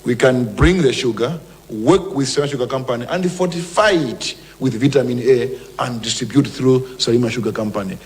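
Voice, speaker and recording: A man's voice: mid-range voice, brisk. A man with a Malawian accent, a government minister giving an emphatic, combative press briefing. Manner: emphatic and combative, with mocking mimicry. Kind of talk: press briefing, mixing English and Chichewa.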